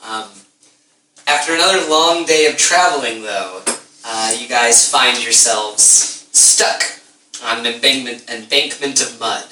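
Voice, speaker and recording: A man narrating as game master in a tabletop game, relaxed and halting. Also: mid-range voice, slight background noise. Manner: relaxed, halting, with ums and laughs. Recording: echoey room, distant mic.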